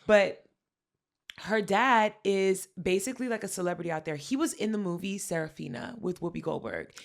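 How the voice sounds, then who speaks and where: A woman co-hosting a podcast, telling pop culture stories in a casual, animated way and acting out the quotes. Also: medium pitch, normal speed, creaky. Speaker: podcast co-host. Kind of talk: casual chat.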